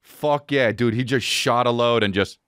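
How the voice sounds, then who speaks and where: A man's voice: mid-range voice, moderate pace, fairly bright tone, smooth, no room sound, clean studio sound. A man hosting a podcast, telling a story in casual, profane chat with bursts of laughter. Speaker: podcast host.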